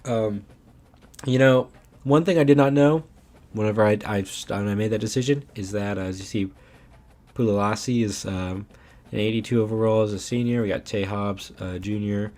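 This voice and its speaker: Animated young man ranting about his game. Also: lowish voice, normal speed. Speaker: gaming YouTuber. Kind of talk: casual game commentary.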